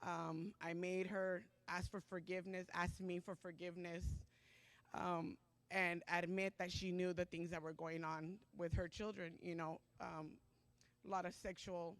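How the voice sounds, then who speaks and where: Speaking in a lowish voice with no echo, a middle-aged woman shares her personal testimony during a Sunday church service. She's emotional and halting, pausing often and using plenty of fillers.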